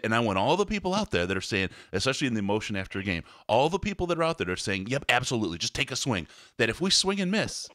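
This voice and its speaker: A man's voice: mid-range voice, fairly bright tone, no echo. A man hosting a sports podcast, ranting angrily and swearing as he breaks down a loss. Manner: angry, profane ranting. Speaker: podcast host. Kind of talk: heated postgame sports talk.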